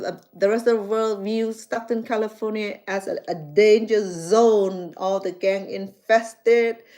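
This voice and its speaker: A middle-aged woman from Cambodia with a Cambodian accent, chatting casually to her viewers and acting out conversations as she tells stories. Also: mid-range voice. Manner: animated storytelling, acts out dialogue, frequent restarts. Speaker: chef and vlogger.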